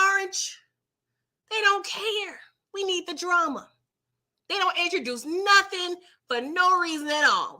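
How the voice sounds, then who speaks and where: Sassy woman doing a show recap stream, high bright voice, talks right to chat. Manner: sassy, animated, slangy, chatty with viewers. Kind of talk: casual live-stream recap.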